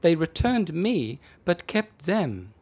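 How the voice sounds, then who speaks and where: A man puts on a composed woman in a storybook reading, her steady and precise, her voice pitched up and swinging lively over each phrase. She stays calm and matter-of-fact whatever she is asked. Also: takes it slowly, breathy edge, heavily acted. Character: calm unflappable German woman abductee.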